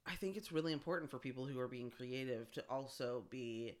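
A woman's voice: very deep voice, fairly quick. A woman chatting on a podcast with a teasing, dry sense of humor. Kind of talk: casual chat.

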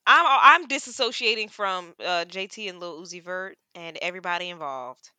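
A woman co-hosting a casual podcast, recapping a TV drama with lively, animated storytelling and acting out the characters' lines. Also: on the low side, normal speed, no room sound. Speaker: podcast co-host. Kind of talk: casual chat recapping a TV show.

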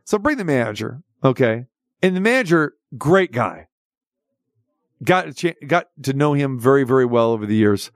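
A man's voice: mid-range voice, moderate pace, no room sound, studio quality. A middle-aged man telling a long story in casual chat, often restarting his sentences and acting out the voices of the people in it. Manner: animated, restarts often, acts out dialogue in a raised voice.

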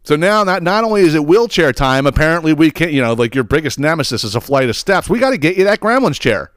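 A man's voice: a little high, fast talker. A man hosting a podcast, ranting casually with lots of swearing and mocking laughter. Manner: profane, mocking, animated with laughs. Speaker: podcast host.

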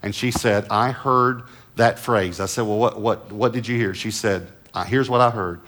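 Low-voiced man preaching a sermon. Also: a little fast. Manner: storytelling, swings from loud emphatic lines to soft hushed asides. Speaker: pastor.

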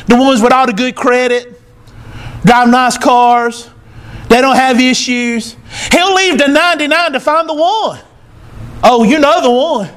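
A male pastor preaching a sermon in church, emphatic and teary, repeating short phrases and building to shouts. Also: extremely high pitch, unhurried. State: teary, emotional.

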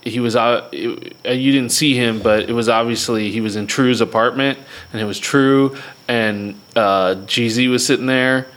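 A man's voice: mid-range voice, moderate pace, a bit bright. A man hosting a casual podcast, laughing often as he reads out lottery numbers between chat. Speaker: podcast host.

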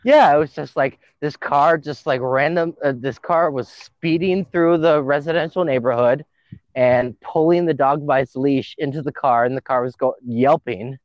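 A man hosting a casual podcast, excitable and swearing freely, often trailing off mid-sentence. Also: on the high side, normal speed, no room sound. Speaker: podcast host. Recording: dull dry lo-fi sound.

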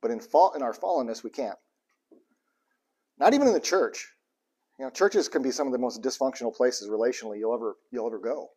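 A man's voice: mid-range voice, fairly quick, long pauses, mellow, slightly rough. Irreverent joking male preacher. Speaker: pastor. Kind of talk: sermon.

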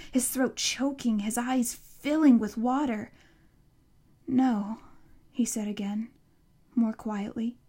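A woman narrating an audiobook in a hushed voice that drops to a whisper in tense passages. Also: fairly high pitch.

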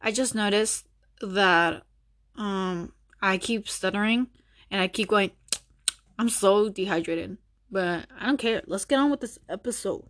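A young woman hosting her own podcast, ranting in a blunt, profane and sarcastic way. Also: medium pitch. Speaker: podcast host. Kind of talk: casual ranting monologue.

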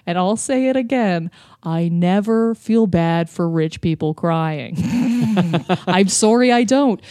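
A woman's voice: on the low side, animated, slow, mellow, no echo, clean studio sound. A woman co-hosting a casual movie review podcast, talking emphatically and laughing often. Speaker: podcast co-host.

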